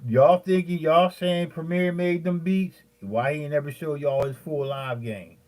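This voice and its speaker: A man in his fifties, a beat maker, ranting heatedly at his viewers, profane and rambling, with many fillers and pauses. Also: on the high side, steady tone, a little mellow. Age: 50s.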